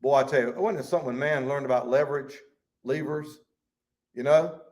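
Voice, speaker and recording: A man's voice: medium pitch, a little fast, darkish tone. A man teaching a Bible study in a folksy, emphatic way, reading scripture aloud.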